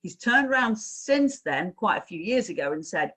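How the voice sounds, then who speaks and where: Husky-voiced woman trainer, chatty storytelling. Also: medium pitch, very animated, moderate pace, few pauses, a bit bright. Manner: chatty storytelling, asks the audience questions. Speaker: workshop trainer. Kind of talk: online workshop talk. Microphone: video call.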